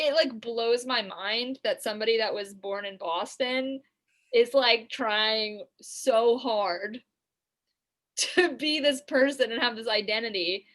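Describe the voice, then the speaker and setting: Woman, high pitch, bright tone, New York area, comedy podcast co-host, rambling casual chat, lots of fillers, swearing. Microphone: remote call setup.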